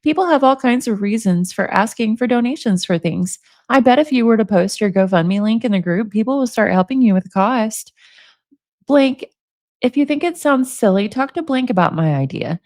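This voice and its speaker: A woman's voice: a little high, expressive, moderate pace, a little mellow, dry recording, studio quality. A woman in her forties reading prison emails aloud and commenting on them, amused and sarcastic, laughing often. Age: 40s.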